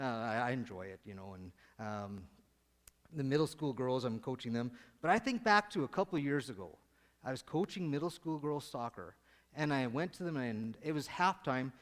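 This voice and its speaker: A man giving a casual, joking sermon to his congregation, rambling and conversational. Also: mid-range voice. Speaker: lay preacher. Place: church sanctuary. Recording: long church hall reverb.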